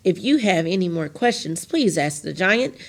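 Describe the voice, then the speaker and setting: A chatty, absent-minded ordinary man of middle years, fussy and cheerful, as a woman reading a storybook puts him on. He rambles brightly, a little higher and livelier than her own voice. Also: expressive, moderate pace. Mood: musing. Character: ordinary middle-aged man, the four-way house dweller, fussy and forgetful.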